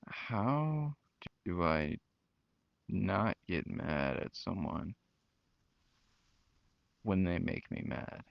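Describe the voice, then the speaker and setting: A man's voice: sits low, big pitch swings, drawn-out words, gravelly, pauses often, no echo. A young man talking frankly to his channel viewers, venting about his family and quoting them in mocking voices. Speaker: channel host. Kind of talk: personal talk to camera. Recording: dull lo-fi mic.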